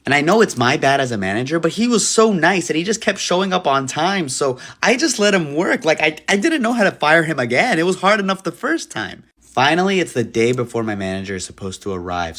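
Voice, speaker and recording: A young man telling a funny personal story in a dry delivery that keeps jumping into lively acted voices. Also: fairly high pitch, a little fast, hardly any pauses.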